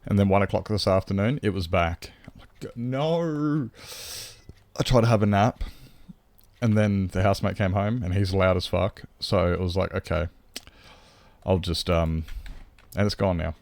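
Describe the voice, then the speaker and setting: A man streaming a game and chatting casually with his viewers, rambling and swearing freely. His voice sits on the low side. He is close to a desk microphone with a dry, dead sound. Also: steady tone, moderate pace, a little mellow, no echo. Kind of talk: casual live-stream chat.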